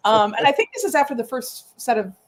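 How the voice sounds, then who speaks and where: A woman co-hosting a podcast in casual chat, telling stories in a candid, animated way. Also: on the high side, fast talker. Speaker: podcast co-host.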